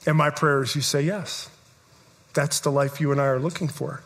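A man preaching a live sermon to a congregation, emphatic and repetitive, building to shouts. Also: a little high, steady tone, normal speed. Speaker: pastor. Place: church service, in front of a congregation.

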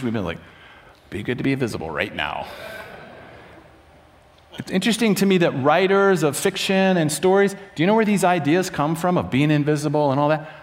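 A middle-aged man preaching a sermon, telling stories and acting out the quoted lines with sudden jumps up in pitch. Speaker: pastor.

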